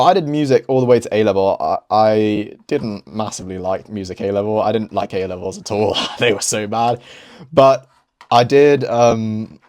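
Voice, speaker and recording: A man's voice: lowish voice, darkish tone. A young man hosting, chatting casually over gameplay in a rambling, laughing way. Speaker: host.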